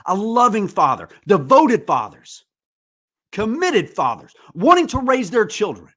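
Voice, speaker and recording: A podcast host in his forties pours out an angry, impassioned monologue, swearing often. His voice sits high for a man. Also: wildly swooping pitch, unhurried, a bit bright. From United States. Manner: angry, profane ranting.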